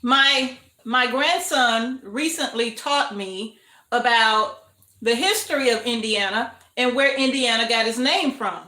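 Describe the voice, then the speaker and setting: A woman's voice: on the high side, a little slow, bright, forceful tone, echoey room. An older woman hosting a casual livestream from her home kitchen, chatting and greeting viewers with frequent laughter. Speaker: homestead livestream host.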